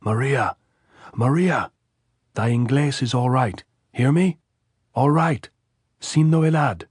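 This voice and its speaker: A man voicing a big-voiced, tough older guerrilla woman who shouts across a hillside in an audiobook. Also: lowish voice, little pitch movement, slow, breathy edge, dry recording, clean studio sound. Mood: shouting.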